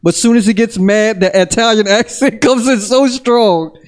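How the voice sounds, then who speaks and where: A man's voice: sits high, moderate pace. A man co-hosting a comedy podcast, teasing his co-host in casual chat and laughing often. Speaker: podcast co-host, stand-up comic.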